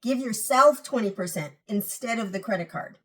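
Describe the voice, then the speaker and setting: A woman's voice: a little high, normal speed, a bit bright, far from the mic. A woman hosting a personal finance channel, giving casual, emphatic advice straight to her viewers and repeating key points.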